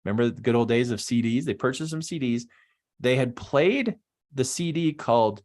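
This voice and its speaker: A man's voice: medium pitch, moderate pace. A middle-aged man, a business coach, talking in a live-streamed Q&A, emphatic and fond of repeating phrases for effect.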